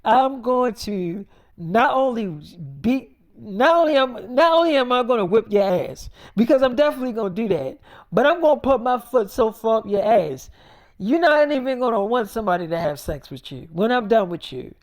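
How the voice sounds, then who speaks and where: A woman's voice: on the high side, animated, normal speed, a little mellow, lightly acted. A woman voicing a furious cursing mother. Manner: cursing, scolding, threatening. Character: furious foul-mouthed mother, middle-aged.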